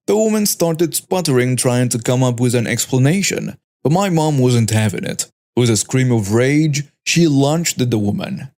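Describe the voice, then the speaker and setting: A man's voice: mid-range voice, lively intonation, normal speed, hardly any pauses, a little mellow. A man reading a scripted first-person story with a dramatic storytelling delivery. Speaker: story narrator.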